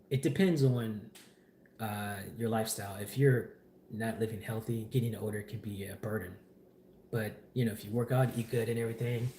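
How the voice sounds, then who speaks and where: A man in his forties giving rambling, relaxed life advice in a casual vlog, with lots of fillers. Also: mid-range voice, moderate pace, echoey room, a little hiss or hum. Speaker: vlogger. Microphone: phone camera.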